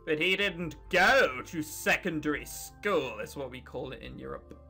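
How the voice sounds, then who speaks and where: A woman commenting casually on a game she is playing, sarcastic and quick to swear and laugh. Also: low voice, sing-song, pushed and bright, soft background music. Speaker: let's-play host.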